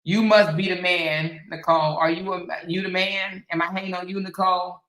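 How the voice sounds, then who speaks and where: A woman's voice: fairly low pitch, level tone, moderate pace, a bit bright, reverberant, poor audio. A woman hosting a casual commentary stream, reading viewer comments aloud in a sassy, mocking way and laughing often. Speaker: host.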